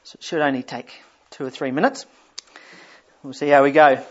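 A man's voice: a little high, steady tone, normal speed. A man preaching a sermon in a conversational way, often repeating words as he thinks. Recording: dull lo-fi sound.

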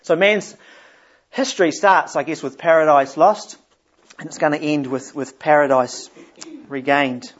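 A man's voice: a little high, fairly even intonation, measured pace. Man preaching a conversational sermon. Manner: conversational, repeats words while thinking. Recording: dull lo-fi sound.

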